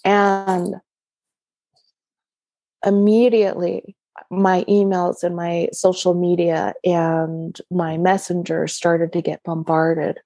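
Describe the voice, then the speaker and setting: A woman with a low, mellow, dark voice tells a personal story in an easy, conversational way. She is animated and laughs often as she talks. The recording is close and dry. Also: takes it slowly, no echo. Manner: animated, laughs often while telling stories. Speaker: guest.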